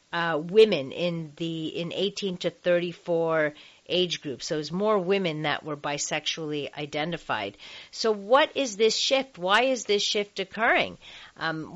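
A chatty woman hosting a radio talk show on sex, her voice sitting a little low for a woman. She talks loosely with fillers and laughs easily. The audio sounds dull and lo-fi. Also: a bit bright.

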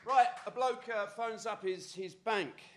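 A man's voice: high voice, measured pace, very noisy. A male comedy musician on a live stage, chatting loosely to the audience and singing a comic song, self-deprecating and offhand. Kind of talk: stand-up patter and comic song. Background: audience laughter.

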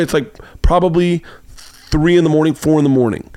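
A man's voice: fairly high pitch, a little fast, darkish tone, no echo. A man hosting a podcast, telling a long, rambling anecdote in casual chat and acting out the voices of the people in it. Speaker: podcast host. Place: home studio room.

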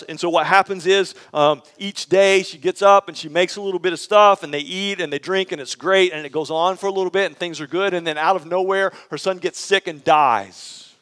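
Male pastor, slightly higher voice, chatty animated sermon storyteller. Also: normal speed, in a large hall. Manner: conversational, prompts the congregation.

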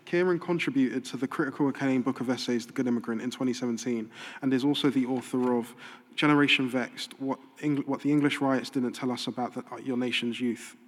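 A man's voice: medium pitch, fairly even intonation, brisk. Man reading formal stage introductions. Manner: formal, list-like delivery. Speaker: event host. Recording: reverberant hall mic.

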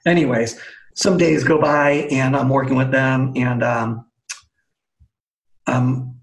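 A man, a team storytelling coach, telling a lively anecdote as a guest in a webcast interview, acting out the dialogue as he goes. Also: medium pitch, slow pace, rough recording. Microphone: video call.

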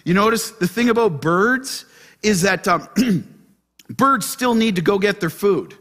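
A male pastor delivers a sermon in church, his voice bright and somewhat high for a man. He talks with lively energy, firing questions at the congregation and then dropping down for quieter, gentler points. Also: takes it slowly. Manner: animated, asks the congregation questions.

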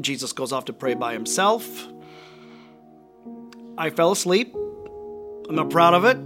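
An actor playing the apostle Peter, a remorseful grown man telling his story in a halting, conversational way. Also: mid-range voice, close to an everyday voice. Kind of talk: dramatized monologue video. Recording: music playing underneath.

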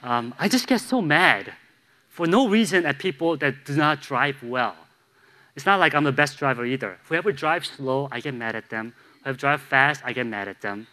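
A man's voice: medium pitch, lively intonation, moderate pace, bright, forceful tone. A man from Chicago preaching a sermon as a pastor, telling candid, self-deprecating stories with humor. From Chicago, USA.

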